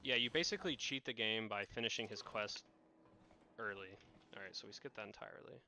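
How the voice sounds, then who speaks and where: A man's voice: fairly low pitch, fairly quick, pushed and bright. A man co-commentating on a game run in a casual, rambling way, often correcting himself. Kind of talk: live gameplay commentary.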